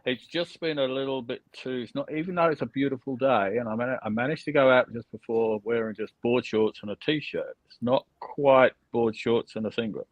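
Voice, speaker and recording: A man's voice: medium pitch, normal speed, few pauses, no echo, highs cut off. A man chatting casually in a group, rambling and reading out viewer comments.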